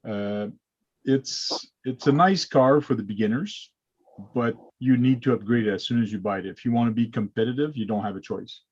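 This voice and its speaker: A man's voice: medium pitch, moderate pace, darkish tone, husky. A man hosting a casual hobby livestream, explaining things step by step with plenty of uh's over a video call. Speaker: host. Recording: lo-fi dull sound.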